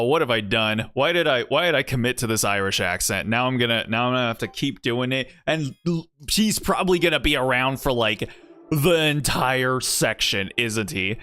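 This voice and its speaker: A man's voice: medium pitch, moderate pace, pushed and bright, clean tone, soft background music. A man streaming a game, breaking off into rambling, self-mocking asides between reading lines. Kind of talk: casual game-stream commentary.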